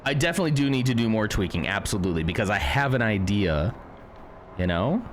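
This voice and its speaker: A man's voice: fairly low pitch, expressive, fast, a little hiss or hum. A man streaming a game live, chatty and self-deprecating as he talks to his chat.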